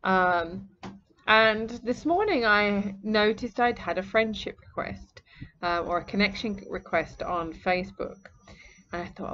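A woman's voice: mid-range voice, normal speed, fairly bright tone, highs cut off, a little hiss or hum. A woman hosting a podcast, telling a story in a casual, chatty way and laughing often. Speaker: podcast host. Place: home near the sea, indoors.

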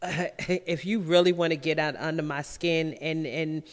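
A woman's voice: deep voice, fairly even intonation, unhurried. Emphatic woman radio host, reverberant. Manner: emphatic, repeats phrases, laughs easily. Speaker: radio talk show host. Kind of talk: call-in talk radio.

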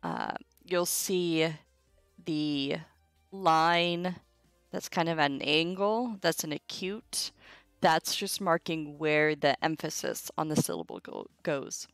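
A woman's voice: low-pitched, takes it slowly, fairly bright tone, clean tone, dry recording, soft background music. A young woman teaching a casual livestream Latin lesson, chatty and informal, with asides to her chat. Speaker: Latin tutor streaming a live lesson.

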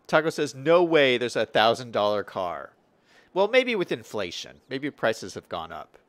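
A man's voice: on the high side, dry recording. A young man streaming a city-building game, chatting casually and reading viewer comments aloud with lots of fillers and restarts. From Western United States. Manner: chatty, lively, reads chat aloud with frequent fillers.

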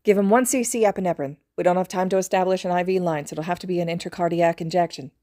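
A woman reading as a commanding emergency doctor barking urgent orders over a dying patient. Her voice is pushed louder and higher than her usual low, mellow tone, recorded dry and close. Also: fairly even intonation, fast, dry recording, close to an everyday voice.

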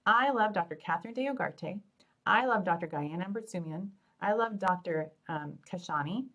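A woman's voice: on the low side, lively intonation, moderate pace, a bit bright, highs cut off. A middle-aged woman, a fertility doctor hosting a live Q&A, answering questions in an upbeat, joking, chatty way. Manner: upbeat, chatty, joking, addresses listeners as "you guys". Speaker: fertility doctor and show host.

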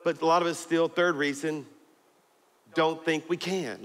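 A man preaching a sermon as pastor, telling a story with jokes and laughter and building to emphatic high points. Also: fairly even intonation, unhurried, long pauses, fairly bright tone, in a large hall. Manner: storytelling, joking, rising to emphatic peaks. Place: church auditorium.

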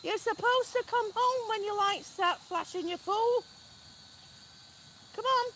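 Vlogger woman, very high bright voice, out of breath, slow talker, faint outdoor noise behind. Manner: excited, laughing often. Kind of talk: casual live vlog.

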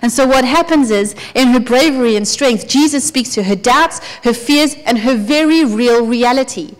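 A woman preaching a sermon in an earnest, conversational way, her voice often dropping soft. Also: on the high side, normal speed. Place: church hall. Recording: church hall with long reverb.

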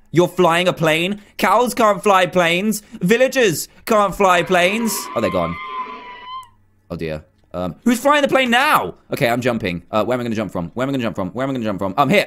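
A young man giving excitable let's-play commentary on a game, dropping into low mutters and jumping to sudden yelps. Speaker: gaming YouTuber.

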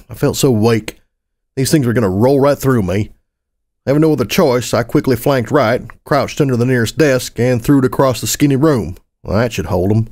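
A man reading a first-person story aloud as a narrator, gritty and expressive, with casual swearing. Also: medium pitch. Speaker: audiobook narrator.

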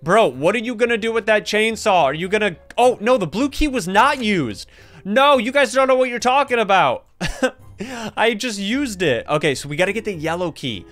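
Over game music, a young man's high-sitting voice moves at a moderate pace as he narrates a horror game let's-play for his YouTube channel. Talking to his audience as "you guys," he gets excitable and lets out yelps and shouts whenever something jumps out.

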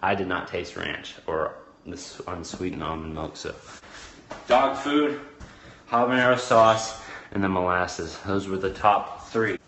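A young man talks straight to his camera out in the woods, joking and complaining with plenty of drama. His voice sits a little low. Steady outdoor noise hums behind him. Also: measured pace. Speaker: vlogger. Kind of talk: casual vlog commentary.

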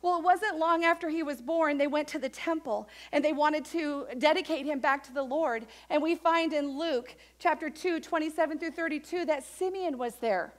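Woman pastor preaching in church, high voice, animated, acts out little quotes. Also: normal speed, hardly any pauses. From United States. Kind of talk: sermon. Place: church sanctuary.

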